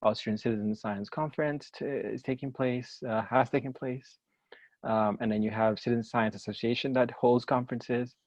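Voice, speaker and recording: A man's voice: medium pitch, fairly even intonation, moderate pace, a little mellow, no echo, highs cut off. A man presenting at a journal club in a casual academic discussion, thinking aloud with many fillers and restarts. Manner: thoughtful, many fillers and restarts, light laughs.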